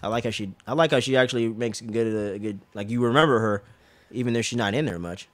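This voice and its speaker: A man's voice: mid-range voice, fast, no echo. A man hosting a casual TV recap podcast, talking in a slangy, profane way and animatedly retelling scenes. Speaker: podcast host.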